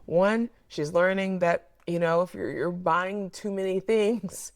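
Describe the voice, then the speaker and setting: Low-voiced woman telling a candid story. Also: unhurried, no room sound, studio quality. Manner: candid, reflective, repeats words while thinking. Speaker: mental health therapist. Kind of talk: personal storytelling vlog.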